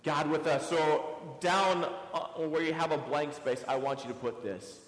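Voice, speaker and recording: Male pastor, slightly high voice, slow deliberate delivery; sermon in a reverberant church hall. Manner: asks many rhetorical questions, tells listeners to underline words. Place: church sanctuary.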